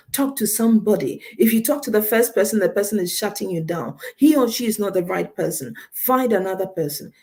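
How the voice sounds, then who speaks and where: A woman counselor talks straight to radio listeners, driving her advice home through repetition. Her voice is mellow and darker than most. She speaks with steady, earnest emphasis. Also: mid-range voice. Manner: emphatic, repeats key points, direct advice to listeners. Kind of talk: counseling talk on a radio show.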